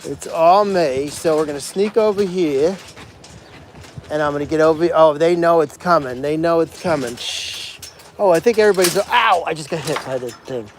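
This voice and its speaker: This man's voice is a little high and moves at normal speed, with a slight hiss or hum on the recording. He's tending animals by himself at a sanctuary's outdoor pig pens, moving about, talking to his live stream viewers and sing-songing to coax the pigs along.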